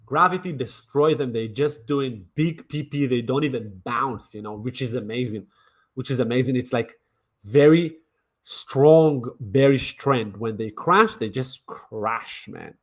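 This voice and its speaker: A man's voice: mid-range voice, unhurried. A man streaming crypto trading commentary in a brash, mocking way, swearing and repeating himself. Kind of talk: casual livestream commentary.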